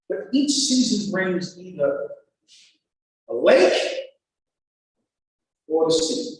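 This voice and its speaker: A man's voice: high voice, big pitch swings, a little slow, long pauses, far from the mic, slight background noise. A male pastor teaching in an emphatic, repetitive, folksy preaching manner. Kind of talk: sermon-style teaching talk. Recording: very echoey church hall, heard from afar.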